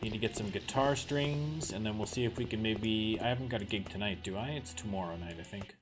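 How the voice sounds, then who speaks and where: A man's voice: fairly low pitch, a little fast. A man hosting a let's play, casually commenting on a music game in a chatty, wry, self-deprecating way.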